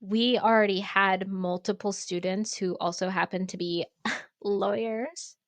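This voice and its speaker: Woman podcast co-host, animated, swears freely, dry close mic. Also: mid-range voice, measured pace, no room sound. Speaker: pottery studio co-owner and podcast host. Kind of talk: casual storytelling chat.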